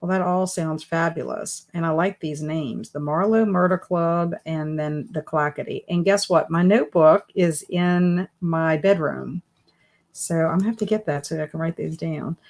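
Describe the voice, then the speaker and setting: Chatty woman with a lowish voice. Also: normal speed, a little mellow. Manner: chatty, reads viewer comments aloud and answers them. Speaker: booktube live stream host. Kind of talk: casual live-stream chat. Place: home office with bookcases.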